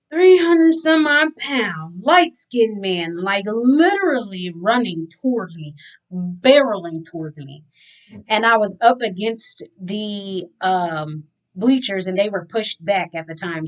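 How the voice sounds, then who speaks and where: A woman recounting a personal story straight to her viewers, chatty and unhurried. She drops into the voices of the people in her story as she tells it. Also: mid-range voice. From Louisiana. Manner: chatty, animated retelling with acted-out dialogue. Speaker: vlogger. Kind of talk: candid storytelling to camera.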